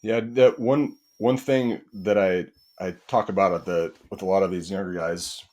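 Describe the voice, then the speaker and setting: Low-voiced man, lively storytelling. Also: normal speed. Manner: animated storyteller acting out quoted dialogue. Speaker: firefighter and real estate investor. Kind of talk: casual podcast conversation.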